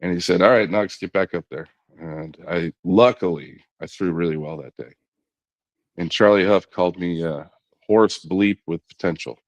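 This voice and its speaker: A middle-aged man speaks in a very low, deep voice, recorded dry and close with no room sound. He tells a long story in an easy conversational way, slipping other people's words into his own voice and peppering it with "you know." It sounds like a relaxed podcast guest. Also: moderate pace, dry recording. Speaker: podcast guest, former knuckleball pitcher.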